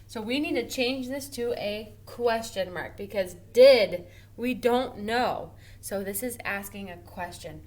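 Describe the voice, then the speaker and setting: A woman teacher giving a recorded grammar lesson to first graders, slow and encouraging, drawing out her example sentences expressively. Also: medium pitch, a little mellow. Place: home or classroom at a smartboard.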